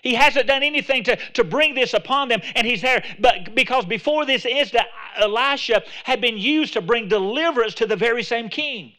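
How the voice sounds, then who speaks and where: A man's voice: extremely high pitch, a little fast, few pauses, bright, forceful tone. A man preaching a sermon as pastor, talking conversationally with many repeats and restarts, then building to emphatic exhortation. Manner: repeats words and restarts phrases.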